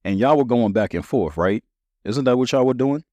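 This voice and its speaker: A man's voice: mid-range voice, animated, moderate pace, a little mellow, no room sound, dull audio, voice pushed up, natural voice. A man voicing a stern mother who questions her two sons about a fight. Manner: stern, lecturing.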